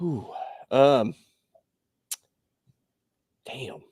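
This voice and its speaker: A man co-hosting a podcast in casual chat, animated and laughing, swearing freely. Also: mid-range voice, drawn-out words, husky, no echo, clean studio sound. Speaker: podcast co-host.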